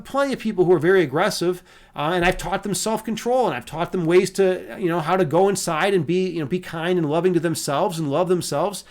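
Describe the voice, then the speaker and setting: A man streaming casually and talking with his chat in a loose, profane, rambling way. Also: high voice. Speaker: livestreamer and meditation teacher. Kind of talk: casual livestream chat reading viewer comments.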